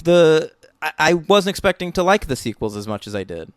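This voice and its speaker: A man's voice: fairly high pitch, sing-song, fairly quick, dry recording, studio quality, faint music behind. A man co-hosting a casual film podcast, talking in a blunt, profane, joking way. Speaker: podcast co-host.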